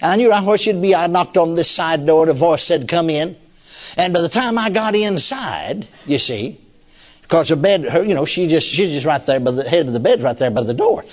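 Older preacher, high-pitched, folksy storyteller who chuckles a lot. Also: male voice, expressive, normal speed. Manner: folksy, chuckling often, fillers like "you see". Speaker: pastor. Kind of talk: sermon storytelling.

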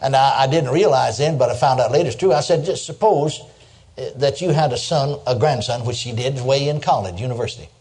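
A man's voice: medium pitch, fairly quick, a little mellow. An older man preaching a sermon, telling stories in a folksy way and chuckling as he goes. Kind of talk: sermon with storytelling.

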